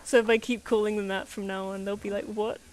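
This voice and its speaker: A woman's voice: mid-range voice, little pitch movement, fast, darkish tone, slight background noise. A young woman chatting casually on a drawing stream, telling anecdotes with frequent laughs and acted-out quotes. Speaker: artist streaming live commissions.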